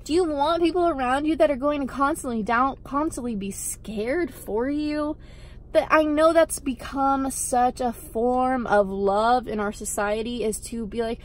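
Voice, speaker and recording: A young woman with a high voice talks straight to camera as a vlogger, giving a blunt motivational pep talk. She hammers her points home through repetition and swears casually. She is recorded outdoors. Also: measured pace.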